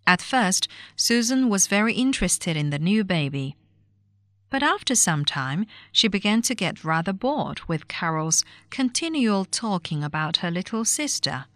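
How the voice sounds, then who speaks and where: Woman reading a listening test story, lively up-and-down pitch, very clear, dry close sound. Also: dry recording. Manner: clear, measured enunciation. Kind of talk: scripted reading for a language test.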